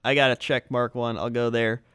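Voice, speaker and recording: A young man co-hosting a comedy podcast, explaining things in a goofy, deadpan, mock-serious way. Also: mid-range voice, normal speed, clean tone, no room sound, clean studio sound. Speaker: podcast co-host. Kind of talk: casual comedy chat.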